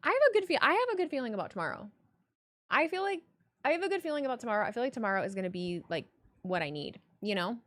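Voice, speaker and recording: A woman's voice: a little high, very fast. Young woman streamer, casual and foul-mouthed, rants animatedly while answering chat. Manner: blunt, profane, animated ranting.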